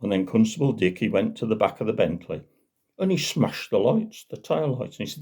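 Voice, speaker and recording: A man with a Black Country accent telling a folk tale, lively and chatty with the odd filler. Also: lowish voice, fairly quick, breathy edge. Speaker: storyteller.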